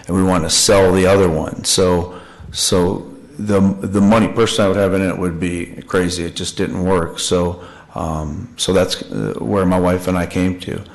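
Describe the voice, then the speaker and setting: Low-voiced man, applicant at a hearing, deferential and halting. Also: fairly even intonation, creaky. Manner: agreeable and deferential, with frequent restarts. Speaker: property owner applying for a land-use change. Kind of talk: testimony at a public meeting.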